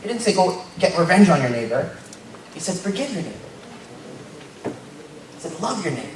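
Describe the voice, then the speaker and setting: A young man giving a casual, joking sermon as a lay preacher, tagging his points with quick asides. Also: on the high side, sing-song. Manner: informal and joking, tags lines with "right?". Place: church hall. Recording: very echoey church hall, mic far off. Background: congregation noise.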